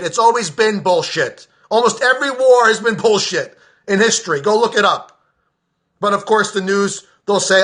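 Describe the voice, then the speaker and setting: A man's voice: high voice, a bit bright. An American man, a veteran, delivering a heated, profane, sarcastic political rant to the camera in an agitated state. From United States.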